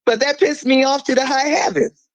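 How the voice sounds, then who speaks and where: A blunt, fiery woman talks as a guest on a podcast and swears freely. Her voice sits a little high. The sound is close and dry. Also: fairly even intonation, dry recording, poor audio. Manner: emphatic, with sudden drops to a low, slow voice. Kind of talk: impassioned podcast conversation.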